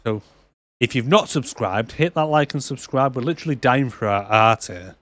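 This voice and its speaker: A man's voice: mid-range voice, moderate pace, a bit bright, dry recording. A young man, co-hosting a casual film podcast, laughing a lot and acting out lines in silly voices. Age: young adult. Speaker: podcast co-host. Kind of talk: casual film review chat. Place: cold room.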